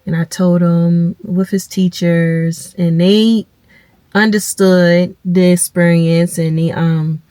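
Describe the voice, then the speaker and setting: Lady in her 30s, halting tearful vlog story, says y'all a lot, dry close sound. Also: lowish voice, steady tone, mellow, dry recording. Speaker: vlogger. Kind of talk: emotional personal storytelling to camera.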